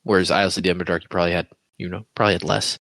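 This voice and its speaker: A man's voice: low-pitched, little pitch movement, very fast, creaky, a bit bright, no room sound. A man from the United States co-hosting a podcast in an easygoing, rambling way. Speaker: podcast co-host. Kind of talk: casual chat.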